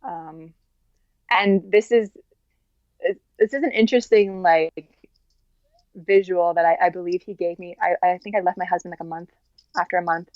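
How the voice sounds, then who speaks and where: Earnest woman guest, halting and candid. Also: lowish voice, fairly even intonation, darkish tone, no room sound, highs cut off. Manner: earnest, talks in halting restarts with many likes. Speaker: interview guest. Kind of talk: candid personal interview.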